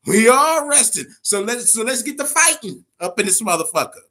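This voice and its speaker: Animated, profane man ranting about boxing. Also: moderate pace, few pauses. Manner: animated, swings from low grumble to loud high-pitched outbursts, stammers. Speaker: boxing podcast host. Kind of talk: profane casual rant.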